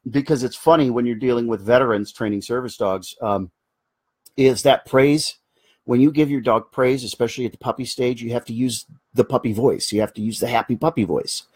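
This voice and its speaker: A man's voice: medium pitch, moderate pace, slightly rough, no room sound. A man hosting a live Q&A, answering viewer comments in an earnest, explanatory way that often drifts into asides. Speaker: host of a live Q&A show.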